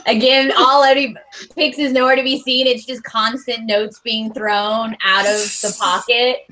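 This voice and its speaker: A woman's voice: fairly high pitch, fairly even intonation, a little slow, pushed and bright, slight background noise, poor audio. A woman playing a tabletop game, rambling in an amused way. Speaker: player. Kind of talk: casual tabletop play.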